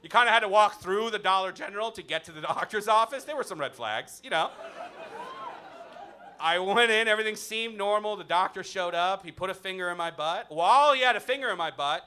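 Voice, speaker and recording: A male stand-up comedian working a club crowd, his voice high and bright with wide swoops in pitch. He swings into mock outrage and quick crowd work. Audience laughter rises faintly behind him. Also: expressive, slight background noise.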